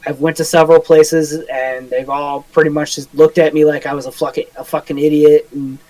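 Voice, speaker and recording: A man's voice: fairly high pitch, level tone, fairly quick, darkish tone, no room sound, rough recording. A man co-hosting a podcast in casual chat, rambling and swearing, with lots of filler words. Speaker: podcast co-host.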